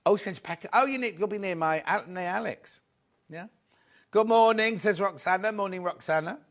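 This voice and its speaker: This man's voice is high, brisk and a touch bright. He runs a live shopping show selling fabric, staying cheerful and talkative as he calls out to viewers by name.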